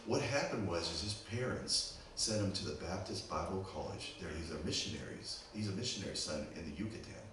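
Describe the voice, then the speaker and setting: Animated preacher man in echoey church. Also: low voice, a little fast, few pauses. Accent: Pittsburgh. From Pittsburgh, USA. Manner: animated, keeps checking in with the audience. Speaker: guest preacher. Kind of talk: storytelling sermon. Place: church sanctuary. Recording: very echoey church, distant mic, background noise.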